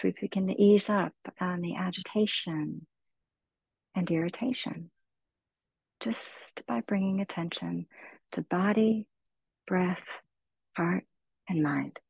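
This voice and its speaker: A middle-aged woman leads a meditation lesson in a slow, soothing, gently encouraging way. Her voice sits a bit low and comes out husky, with a gravelly edge. The sound is dry and close. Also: no room sound, poor audio. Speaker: meditation teacher. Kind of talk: guided meditation talk.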